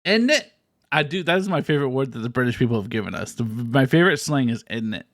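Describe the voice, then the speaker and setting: A man co-hosting a casual movie chat, lively and prone to jumping high in pitch when quoting. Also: fast talker, no room sound, clean studio sound. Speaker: podcast co-host.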